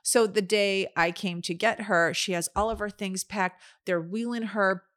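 Animated middle-aged woman telling stories. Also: mid-range voice, moderate pace. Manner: animated storyteller, acts out quoted dialogue. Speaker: podcast co-host. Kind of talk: casual storytelling chat.

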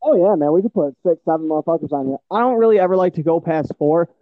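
A man's voice: fairly high pitch, fast talker, no echo, narrow, tinny audio. Rambling Midwestern man hosting a podcast. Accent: Midwestern American. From Michigan. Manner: rambling and profane, with frequent fillers. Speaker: podcast host. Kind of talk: casual chat.

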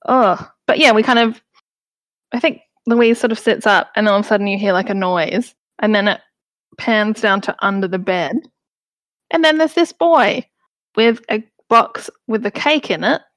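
A woman's voice: medium pitch, normal speed, no echo. Rambling woman, dry sound. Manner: rambling, lots of "like" and restarts. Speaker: podcast co-host. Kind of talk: casual chat recapping a film.

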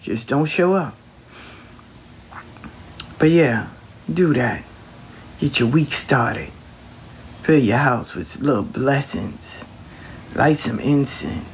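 A man's voice: medium pitch, animated, slow pace, long pauses, slight background noise. A man giving a casual, colloquial spiritual pep talk, reassuring the listener and repeating his phrases. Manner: colloquial, slangy. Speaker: motivational speaker.

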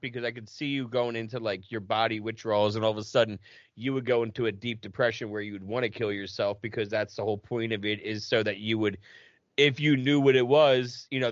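A man's voice: mid-range voice, no echo. A man hosting a casual conversation, chatty and swearing, laughing easily. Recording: dry, dull lo-fi sound.

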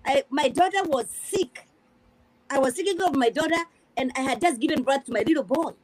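Earnest high-voiced woman. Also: brisk, a little hiss or hum, poor audio. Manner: earnest, repeats words while searching for them. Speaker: review panelist. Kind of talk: casual panel discussion.

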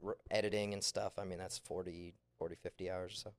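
A man's voice: low voice, flat delivery, fast. A man guesting on a podcast, telling rambling stories full of fillers on a couch in a rented living room. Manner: rambling storyteller, lots of fillers. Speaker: podcast guest, gaming video creator. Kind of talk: casual podcast chat.

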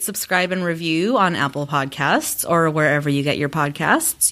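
A woman's voice: deep voice, a bit bright. Chatty woman podcast co-host. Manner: laughing, chatty, filler-heavy. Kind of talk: casual podcast chat.

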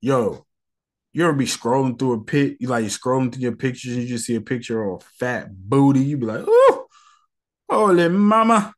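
A man's voice: mid-range voice, brisk, darkish tone. Slangy, irritated male podcast host. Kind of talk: casual solo podcast rant.

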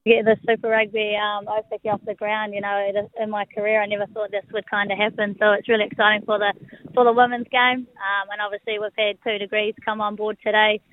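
A woman's voice: medium pitch, little pitch movement, fast, dry recording. A woman with a New Zealand accent, a rugby player talking on the phone in a chatty way with many fillers. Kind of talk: phone interview. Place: outdoors on the phone. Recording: narrow tinny phone line.

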